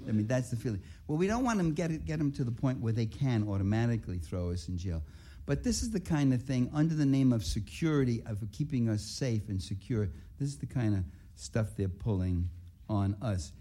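A man's voice: mid-range voice, expressive, brisk, hardly any pauses, warm tone. A man, a writer giving a public talk, telling rambling and indignant anecdotes full of restarts and asides. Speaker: writer and activist speaker.

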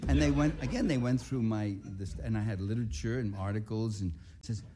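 A man speaks to an audience in a low, warm voice. He tells his stories in a rambling way, with restarts and asides, and he sounds indignant as he goes. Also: fairly quick. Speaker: writer and activist speaker. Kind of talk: public talk with anecdotes.

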